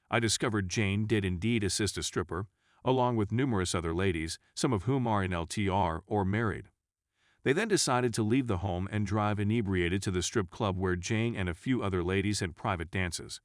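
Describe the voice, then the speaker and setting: A man narrates a first-person story in a scripted, even reading pace. His voice sits on the low side and sounds dry and close, with no room around it. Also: brisk, no echo.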